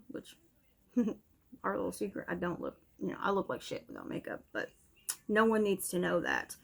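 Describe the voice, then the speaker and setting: A young woman vlogging a casual, candid makeup review at home, a little out of breath and breaking off now and then to scold her dog. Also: medium pitch. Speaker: beauty vlogger. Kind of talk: casual product review chat. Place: home room, TV on in background.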